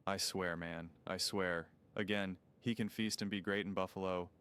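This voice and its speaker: Incredulous low-voiced man ranting about sports. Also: steady tone, moderate pace, fairly bright tone, clear, resonant tone. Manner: incredulous, sarcastic, emphatic. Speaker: sports commentator. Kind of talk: opinionated sports talk rant.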